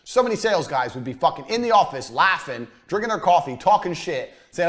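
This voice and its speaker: A man giving a blunt, profane business lesson as a coach, mocking and forceful in his delivery. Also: fairly high pitch, very animated, fairly quick, hardly any pauses.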